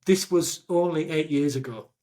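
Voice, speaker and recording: A Yorkshire man hosting a casual podcast, his voice sitting a little high. He tells stories with gusto, acting out the people in them. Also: moderate pace. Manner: animated storyteller, acts out quotes. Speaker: podcast host. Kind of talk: casual conversation.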